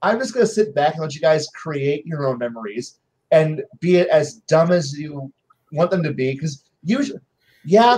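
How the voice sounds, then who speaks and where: A man on a game-master panel telling stories about his players in casual chat, acting out their lines in quick voices. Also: on the high side, a little mellow, low-quality recording.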